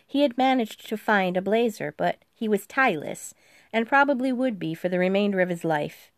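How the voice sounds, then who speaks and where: A woman's voice: medium pitch, animated, moderate pace, no room sound. Dry, close woman narrating. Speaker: audiobook narrator. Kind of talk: scripted narration.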